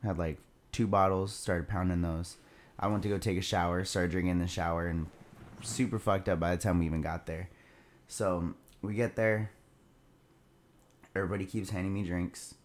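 Deep-voiced young man telling a party story. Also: fairly even intonation, normal speed, slight background noise. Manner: loose and profane, laughs through the story. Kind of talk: casual storytelling.

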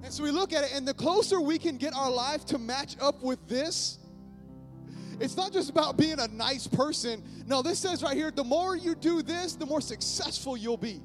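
A male pastor preaching a lively sermon to his church, often calling out to the congregation. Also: extremely high pitch, moderate pace, music in the background. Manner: energetic, calls on the congregation often. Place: church sanctuary.

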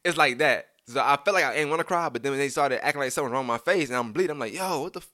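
A man's voice: medium pitch, racing, crowd noise. A young man casually telling a story from his childhood, rambling with many restarts and asides, and acting out the lines he quotes.

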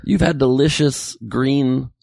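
A man hosting a casual comedy talk show, rambling and joking through quick tangents with his guest. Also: mid-range voice, fairly even intonation, vocal fry, a little mellow, no room sound. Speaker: podcast host.

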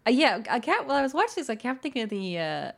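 A woman's voice: fairly high pitch, very fast, vocal fry. A woman co-hosting a casual film podcast, talking with lots of fillers and frequent laughter. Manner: animated, laughs often, many fillers. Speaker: podcast co-host.

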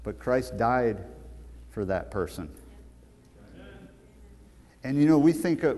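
A man preaching a sermon with emphatic, storytelling delivery that swells to loud peaks. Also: medium pitch. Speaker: pastor. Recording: long hall reverb.

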